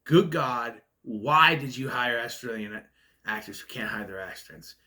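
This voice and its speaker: Male film reviewer with a stutter, ranty and nitpicky, mid-pitched, casual vlog delivery. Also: unhurried, bright, forceful tone. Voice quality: stutters, stalls on words. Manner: ranting, nitpicky. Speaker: movie reviewer.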